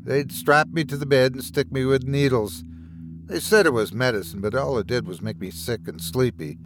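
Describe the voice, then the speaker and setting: A man's voice: medium pitch, moderate pace, close to an everyday voice. A man voicing a tall, hidden asylum patient who talks like a small, timid child, over background music. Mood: timid, sad. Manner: timid, whimpering. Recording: music bed underneath.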